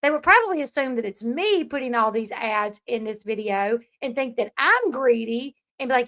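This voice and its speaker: A woman's voice: fairly high pitch, expressive, normal speed, hardly any pauses, fairly bright tone, a little hiss or hum. A woman hosting an opinionated commentary channel, chatty and rambling with many fillers.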